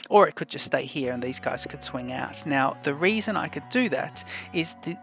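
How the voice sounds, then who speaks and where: A man with a gravelly, slightly high voice talks through his game, thinking aloud in an unhurried, chatty way. He speaks close to a desk mic. Faint music plays under him. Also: a bit bright. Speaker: let's play host. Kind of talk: casual gameplay commentary.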